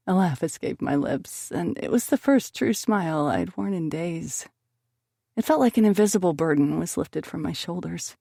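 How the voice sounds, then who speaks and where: Woman audiobook narrator for first-person romance, mid-pitched voice with a gravelly grain, dry close recording. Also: expressive, normal speed, mellow, dry recording.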